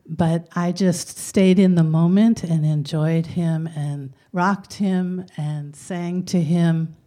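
An older woman telling a personal story in a gentle, reflective way. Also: on the low side.

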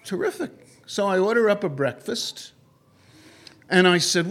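A high-voiced man tells a personal anecdote at normal speed, pausing often. He speaks animatedly and wanders, with frequent fillers and restarts, in a lively, conversational storytelling style.

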